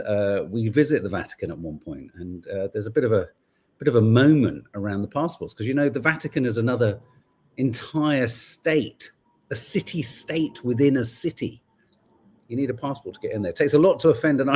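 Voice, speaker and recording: A man's voice: lowish voice, darkish tone, slightly rough. A middle-aged man hosting a podcast, chatting casually with viewers in a rambling, self-correcting way. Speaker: podcast host. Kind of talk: casual chat greeting live viewers.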